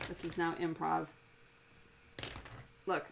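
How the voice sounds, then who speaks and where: A woman's voice: lowish voice, normal speed, gravelly, a little hiss or hum, rough recording. A woman cartoonist chatting casually while she draws live at her desk, amused and rambling, laughing often. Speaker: live-drawing cartoonist and streamer. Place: home desk.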